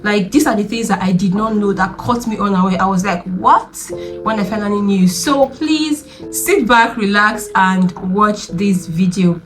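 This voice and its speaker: A woman's voice: medium pitch, moderate pace, hardly any pauses, over music. Chatty young woman vlogger. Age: young adult. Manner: chatty and emphatic, repeats herself, often asks the viewer "do you understand?". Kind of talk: casual confessional vlog.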